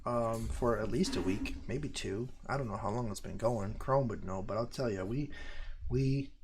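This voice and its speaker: An American man hosting a casual livestream, chatting to viewers in a profane, rambling way with sudden loud outbursts. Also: medium pitch, normal speed, background noise. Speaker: livestream host.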